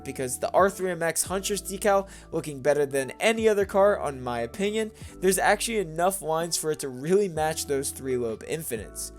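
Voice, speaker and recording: A young man hosting a gaming channel, giving an enthusiastic casual commentary voice-over with bouncy jumps in pitch. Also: animated, a little fast, few pauses, soft background music.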